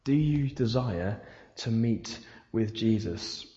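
A man's voice: on the low side, lively intonation, slow pace, dark tone. A man preaching a sermon in a church hall, asking his listeners repeated rhetorical questions. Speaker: pastor. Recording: echoey hall, dull sound.

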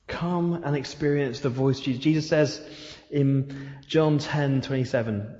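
A man's voice: medium pitch, unhurried, hardly any pauses, darkish tone. A man preaching a sermon in a church hall, asking his listeners repeated rhetorical questions. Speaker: pastor. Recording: echoey hall, dull sound.

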